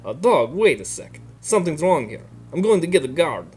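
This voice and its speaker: A man's voice: a little high, very animated, a little mellow, soft background music, voice pushed up. A man doing a hammy Russian-accented guard. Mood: suspicious. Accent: put-on Russian accent. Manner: exaggerated, deliberately bad accent. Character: suspicious male Russian base guard.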